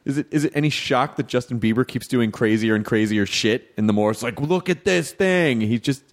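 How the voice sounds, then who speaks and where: Male podcast guest, loose rambling talker who jumps into high-pitched impressions of people. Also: fairly even intonation, fairly quick. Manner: rambling, self-interrupting, acts out quotes in high voices. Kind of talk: casual podcast chat.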